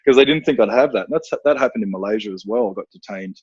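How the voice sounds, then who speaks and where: A man's voice: fairly low pitch, fast, husky, no room sound, muffled recording. An Australian man telling stories on a podcast, rambling with fillers and swearing freely. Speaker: guest, self-defense instructor. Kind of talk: casual podcast storytelling.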